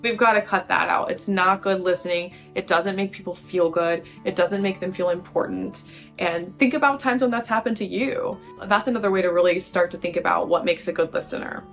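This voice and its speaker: A woman with a low-set voice, talking straight to the camera like a friendly teacher. She walks through her advice conversationally and checks in with quick rhetorical questions. Faint guitar music plays underneath. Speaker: relationship advice host.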